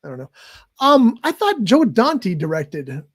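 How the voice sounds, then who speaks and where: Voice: medium pitch, very animated, unhurried, slightly rough. A co-host chatting casually, reminiscing and laughing often. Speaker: podcast co-host. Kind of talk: casual chat.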